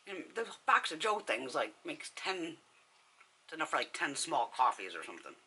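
A woman's voice: low-pitched, sing-song, normal speed, bright, forceful tone, slightly rough. A woman beauty vlogger telling a blunt, profane story with frequent laughter while doing her makeup.

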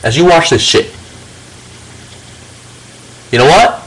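A man's voice: on the high side, animated, slow, a bit bright, low-quality recording. A man delivering an angry, profanity-filled rant to camera, confronting a rival directly. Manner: confrontational, swears heavily, addresses a rival directly. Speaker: video channel host.

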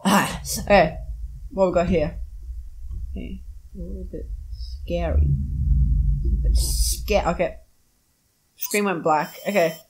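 Excitable woman doing game commentary. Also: on the low side, slow, long pauses, breathy edge, rough recording. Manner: excitable, yelps and laughs while playing. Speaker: gaming video host. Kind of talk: let's play commentary.

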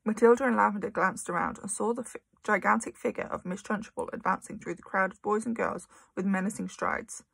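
A woman reads a children's story with lively, expressive storytelling. Her voice has a gravelly, husky texture. The sound is dry and close. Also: medium pitch, fairly quick, hardly any pauses, no room sound. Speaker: narrator. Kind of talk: audiobook reading of a children's novel.

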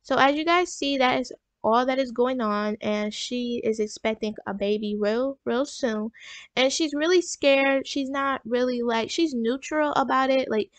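Woman, gaming host, casual let's-play talk, rambling with fillers, slightly high voice, dry close sound. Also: a little slow, no echo. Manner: rambling, full of fillers like "like" and "and stuff".

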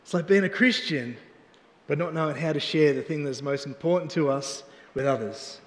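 A man's voice: fairly high pitch, moderate pace. An Australian man preaching a sermon as pastor, telling a casual, chatty story with many restarts. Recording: echoey church hall.

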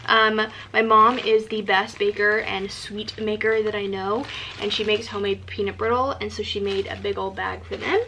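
A woman's voice: medium pitch, flat delivery, moderate pace, pushed and bright, a little hiss or hum. A young woman vlogger chatting casually about gifts she picked, with lots of ums and likes and eager enthusiasm. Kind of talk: casual gift show-and-tell.

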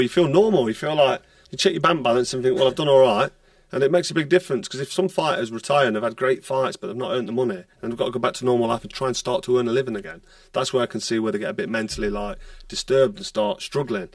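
A retired boxer, telling stories bluntly in a casual podcast chat and swearing freely. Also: male voice, mid-range voice, gravelly, no echo, clean studio sound, recorded from a distance. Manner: blunt, swears freely, acts out quoted dialogue.

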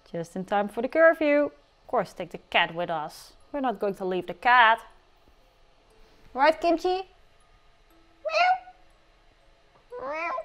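With faint music in the background, a woman chats her way through a life simulation game, teasing and occasionally bursting out playfully. Her voice sits in the mid-range and sounds smooth.

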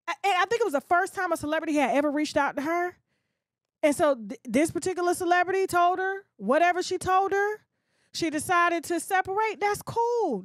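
Woman, high voice, blunt profane rant, mocking mimicry, dry sound. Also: dry recording. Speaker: gossip blogger. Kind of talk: ranting monologue.

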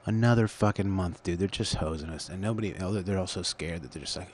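Talking fast with few pauses, a low-voiced man hosts his own show via a computer call setup. His monologue wanders, crude, profane, and absurd.

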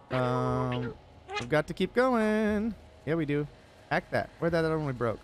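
A man streaming a game live, reacting excitably and talking to the characters and to his chat. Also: fairly high pitch, measured pace. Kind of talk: live gameplay commentary. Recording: noisy background.

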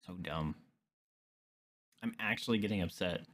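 A man's voice: sits low, normal speed, noisy background. A man giving let's play commentary as a gaming streamer, swearing and ranting at the game in frustration.

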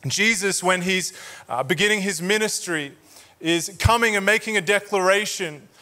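A man's voice: sits high, normal speed, sharp tone. A man with an Australian accent, preaching a sermon in a church with joking, conversational asides to the crowd. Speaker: pastor. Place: church auditorium.

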